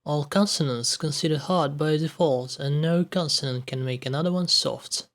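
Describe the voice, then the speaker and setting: Man, language teacher, slow and deliberate, example words spaced out one by one. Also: fairly high pitch, a bit bright. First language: Russian. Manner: measured, says each example word on its own. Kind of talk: scripted explanatory lesson with example words.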